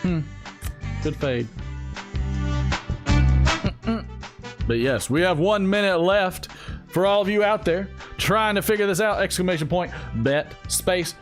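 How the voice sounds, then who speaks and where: A man hosts a casual live stream, rambling and laughing as he talks to his viewers. His voice sits fairly high and swings around a lot. Soft guitar music plays underneath. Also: very animated, unhurried. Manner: rambling, giggly, talks to chat. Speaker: host.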